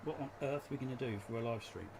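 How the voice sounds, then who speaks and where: A man's voice: medium pitch, quick pace, creaky, background noise. Chatty man hosting a live stream. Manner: rambling, chatty, laughs often. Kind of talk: casual chat. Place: home shed.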